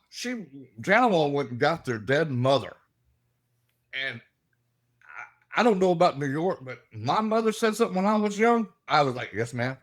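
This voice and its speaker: Guy spinning wild stories, pitch jumping all over, laughing a lot. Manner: lively, laughing, acts out voices in his stories. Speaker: guest, paranormal investigator. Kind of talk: animated storytelling.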